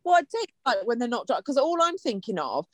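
A woman co-hosting a podcast in casual chat, expressive and full of joking complaints, swearing freely. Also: a little high, brisk, dry recording. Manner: expressive, swears freely, jokey exaggerated fear. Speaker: podcast co-host.

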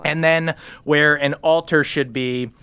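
A man narrating scenes as game master of a tabletop role-playing game in a relaxed way. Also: on the high side, slow pace, clear, resonant tone, no room sound.

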